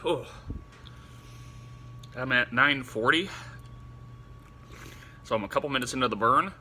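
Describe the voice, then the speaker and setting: Man, mid-pitched and very bright, casual vlogger, teary and sniffly, short gasping remarks, faint background noise. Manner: halting, breathless exclamations between short remarks. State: eyes watering, nose running, in pain from spice. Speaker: vlogger doing a spicy food challenge. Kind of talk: casual on-camera commentary.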